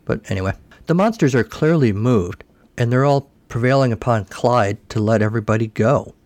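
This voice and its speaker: A man's voice: medium pitch, normal speed, darkish tone, no echo. A man hosting a podcast, recapping a cartoon special in a casual way with wry, sarcastic asides. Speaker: podcast host.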